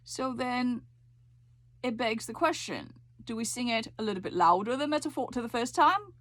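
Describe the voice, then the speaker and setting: A woman's voice: on the high side, normal speed, a bit bright. Woman coaching a singing lesson. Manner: coaching, frequent "okay" check-ins, sung demonstrations. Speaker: voice teacher.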